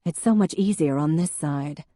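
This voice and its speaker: A woman's voice: sits low, moderate pace, mellow, no room sound, studio quality. Woman playing an elegant, witty older sister. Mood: teasing. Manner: grand, teasing.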